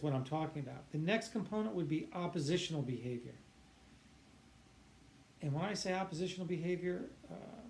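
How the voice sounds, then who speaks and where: A man's voice: on the high side, darkish tone, a little hiss or hum. A man, a psychiatrist, explaining earnestly and emphatically, stretching key words and often restarting his sentences. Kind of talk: explanatory talk to camera.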